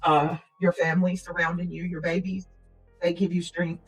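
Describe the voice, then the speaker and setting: With a lowish voice, a level tone and a moderate pace, a livestream host speaks directly to her audience in an earnest, prayerful way. She keeps coughing and clearing her throat. Faint music plays behind this low-quality recording.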